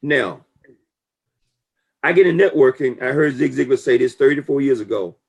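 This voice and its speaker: A man talking casually and emphatically about business conduct, preachy and full of lively storytelling. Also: mid-range voice, normal speed, vocal fry, breathy edge. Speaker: network marketing talk show guest. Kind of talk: casual motivational talk.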